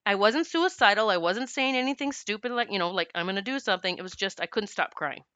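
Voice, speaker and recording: Candid, animated woman telling her story. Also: medium pitch, fast, clean tone, no echo, dull audio. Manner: candid, animated, laughs often, swears; acts out quoted voices of herself and others. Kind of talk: personal storytelling to camera.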